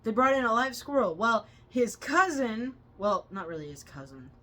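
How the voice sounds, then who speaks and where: A woman co-hosting a movie review channel, retelling scenes with loud excited quotes. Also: on the high side, normal speed. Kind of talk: casual movie review chat.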